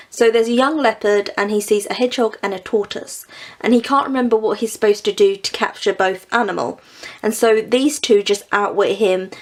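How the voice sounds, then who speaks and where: A young woman chats through a book review, retelling each story loosely. She laughs easily, leans on "like", and her voice sits at an ordinary middle pitch for a woman. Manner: chatty, giggly, peppered with "like". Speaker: book vlogger.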